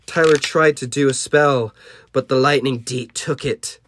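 A man's voice: medium pitch, fairly even intonation, a little slow, a bit bright, slight background noise. A man hosting a podcast, playfully reading a children's story aloud with sound effects, recorded in a small closet. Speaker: podcast host.

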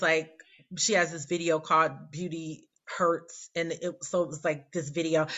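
A woman's voice: low voice, sharp tone, highs cut off. A woman in her forties, a poet guest telling a rambling, candid, self-deprecating story in casual interview chat. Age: 40s.

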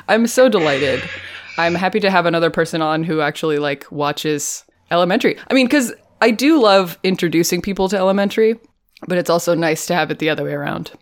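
A woman's voice: lowish voice, expressive, fairly quick. Woman podcast host, casual and giggly, chatty delivery. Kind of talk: casual chat.

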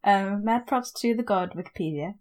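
A woman's voice: mid-range voice, moderate pace, a little mellow. A woman co-hosting a podcast, chatting casually about a book and rambling with lots of fillers and asides. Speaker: podcast co-host. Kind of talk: casual book-club chat.

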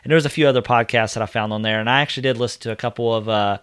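A man's voice: medium pitch, very fast, a bit bright, smooth, dry recording. Man, podcast co-host, casual rambling talk, dry close sound. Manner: joking, rambling recommendations. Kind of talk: casual chat.

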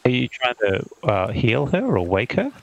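A man playing a tabletop game who speaks in halting bursts with many fillers, partly in character. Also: mid-range voice, huge pitch swings, gravelly, rough recording. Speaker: player.

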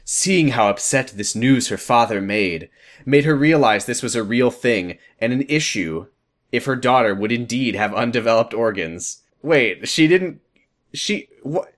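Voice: mid-range voice, lively intonation, a little slow. A young podcast co-host reading fan fiction aloud and joking through it with frequent laughter. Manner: laughing, breaks into voices. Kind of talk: comedic reading and banter.

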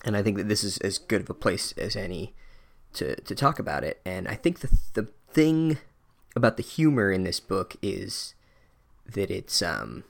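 A man's voice: lowish voice, expressive, normal speed, gravelly. A man tears through a book chapter in a comedic recap. He is sarcastic and profane, and he rambles with constant "like"s as he mocks the story's logic.

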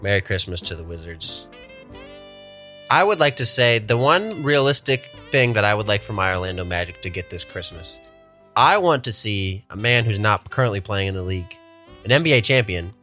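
A man's voice: on the low side, lively intonation, normal speed, pushed and bright, faint music behind. A young man co-hosting a casual sports podcast, joking and laughing often as he leads the talk. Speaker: podcast co-host.

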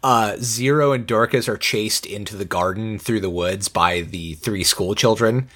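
A man's voice: on the low side, measured pace, a bit bright. A man co-hosting a podcast in casual conversation, rambling with many fillers and the odd swear word. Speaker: podcast co-host reviewing an anime.

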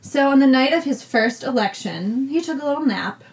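A woman's voice: high voice, animated, normal speed, over a noisy crowd. A young woman from New England, co-hosting a podcast, telling a spooky story in a casual, jokey way. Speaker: podcast co-host.

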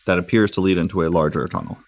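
A man narrating as game master for a tabletop role-playing session, describing scenes in a relaxed way with frequent filler words. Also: low voice, very fast, no echo.

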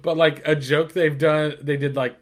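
A man's voice: on the high side, little pitch movement, normal speed. A man in casual sports chat, giving blunt opinions with frequent swearing and laughter.

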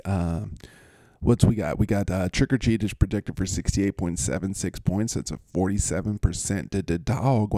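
Male fantasy host, playful and rambling; low, gravelly, dry-recorded voice. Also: warm tone, no echo. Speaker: fantasy football show host. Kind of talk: casual matchup commentary.

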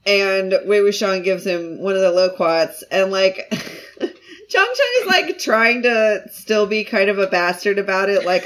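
A young woman co-hosting a casual chat, retelling a show in an animated way, swearing freely and laughing often. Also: medium pitch, a little slow. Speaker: podcast co-host.

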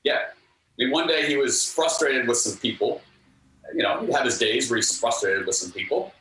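A man telling earnest stories as a guest, acting out the lines of the people in them. His pitch moves a lot, and his tone is bright. The recording is echoey, picked up from a distance, with faint ambience behind him. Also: normal speed. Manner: animated, earnest, acts out quotes. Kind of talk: storytelling anecdotes in an interview.

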